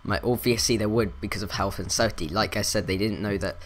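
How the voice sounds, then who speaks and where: A man's voice: on the low side, steady tone, quick pace, slight background noise. A man telling a childhood story to his viewers in a rambling, casual way full of fillers. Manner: rambling, filler-heavy, self-interrupting. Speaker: vlogger.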